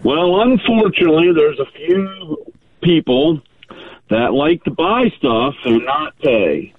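A man's voice: a little high, lively intonation, takes it slowly, husky. A man calling in from outdoors in a parking lot, telling a wry story over a tinny phone line. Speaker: caller. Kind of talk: casual phone chat.

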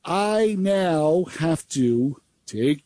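An older man co-hosting a radio show, telling a repair story in a lively, chatty way with mouth sound effects. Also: on the high side, very slow. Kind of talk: casual radio chat.

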